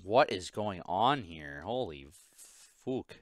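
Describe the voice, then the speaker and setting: A man's voice: sits low, animated, takes it slowly, dry recording, studio quality. A man hosting a casual podcast, telling a work story in a profane, exasperated way. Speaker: podcast host. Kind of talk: casual chat.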